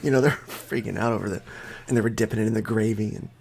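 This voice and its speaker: A man's voice: on the low side, quick pace, vocal fry, darkish tone. A man casually telling a funny story on a podcast, laughing as he goes. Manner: joking, laughs mid-story.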